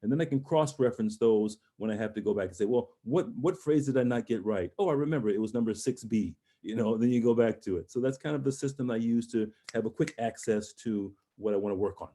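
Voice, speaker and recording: Mellow-voiced man coaching a singer. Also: mid-range voice, quick pace, few pauses. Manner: encouraging, talks through phrasing and sings short sung examples. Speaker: voice teacher giving a master class. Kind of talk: online master class coaching. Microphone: video call.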